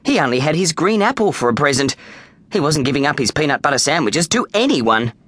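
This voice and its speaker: Lively Australian man narrating a kids' story. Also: on the high side, a little fast, dry recording. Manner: lively, playful. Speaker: audiobook narrator.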